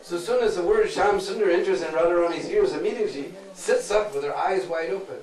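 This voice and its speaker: A man telling a devotional story dramatically, hushing and swelling, heard in an echoey, distant recording. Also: sits high, quick pace. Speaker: storyteller preacher.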